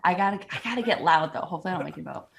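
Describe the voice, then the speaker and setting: A woman's voice: on the low side, expressive, racing, gravelly, a loud crowd. A woman who is a sports reporter, chatting casually on a talk show. She peppers her speech with fillers and talks in a loose, chatty way.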